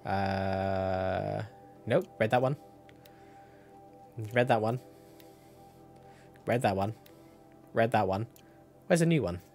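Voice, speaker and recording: A man's voice: lowish voice, takes it slowly, long pauses, a little mellow, faint music behind. A young man chatting casually while streaming a game, rambling and correcting himself as he goes. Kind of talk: casual gameplay commentary.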